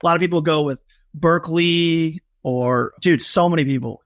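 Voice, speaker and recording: A man, the show's producer, joins the chat with relaxed jokes. His voice sits fairly high for a man. The sound is dry and close. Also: moderate pace, no echo. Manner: joking, relaxed. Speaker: podcast producer. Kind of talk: casual chat.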